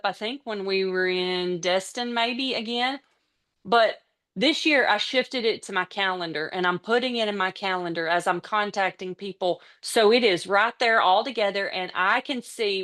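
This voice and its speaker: A woman giving an energetic motivational training talk to her team, excitable and chatty, sometimes out of breath from excitement. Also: medium pitch. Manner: chatty, with casual slips and restarts. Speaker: team trainer on a business call.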